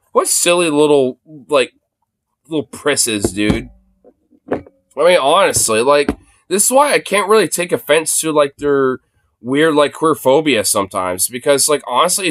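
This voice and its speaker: A man's voice: medium pitch, fairly bright tone, no echo. A man hosting a livestream, reacting to videos in casual, profane commentary, laughing often and mocking.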